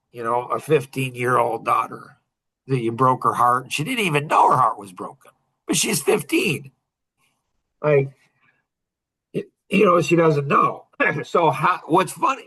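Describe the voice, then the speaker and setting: Bright-voiced man telling a coaching story. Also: on the high side, breathy edge. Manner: animated storytelling with frequent laughs. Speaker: mentor leading a coaching group. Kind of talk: casual group coaching talk.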